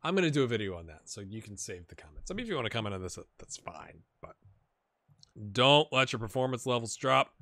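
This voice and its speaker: A man giving casual, rambling commentary over a football management game, with sudden excited outbursts and a slightly rough throat. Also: lowish voice, very fast, few pauses, no room sound, clean studio sound. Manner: rambling, excitable bursts over match play. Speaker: gaming commentator. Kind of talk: casual let's-play commentary.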